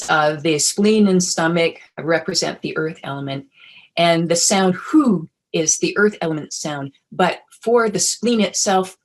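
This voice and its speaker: Slow-speaking woman webinar presenter. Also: deep voice. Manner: casual and friendly, with fillers and self-interruptions. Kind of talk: relaxed teaching talk.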